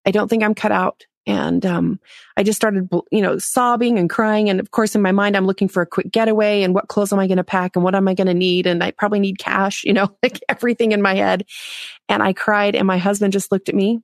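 A woman's voice: mid-range voice, fairly even intonation, brisk, vocal fry, no room sound, clean studio sound. A woman speaking as a podcast guest, telling a personal story frankly, mocking herself and laughing often. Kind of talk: candid interview storytelling.

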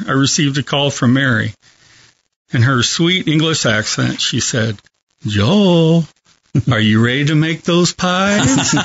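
Man, hospice chaplain guest, earnest storyteller, mid-range voice, muffled lo-fi audio. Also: medium pitch. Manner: gentle, earnest, measured storytelling. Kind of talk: storytelling in a talk show interview. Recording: dull lo-fi broadcast audio.

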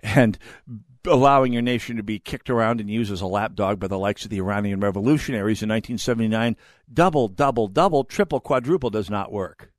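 Fifties radio host guy, low voice, dry studio sound, wanders off topic a lot. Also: fast talker, no echo. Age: 50s. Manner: rambling, goes off on tangents, restarts words. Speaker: radio talk show host. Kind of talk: opinionated talk radio monologue.

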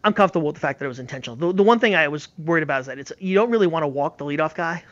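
A man's voice: a little high, animated, racing, fairly bright tone. A man talking baseball in a casual, emphatic and opinionated way. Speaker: baseball analyst. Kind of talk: casual sports talk. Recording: slightly dull lo-fi audio.

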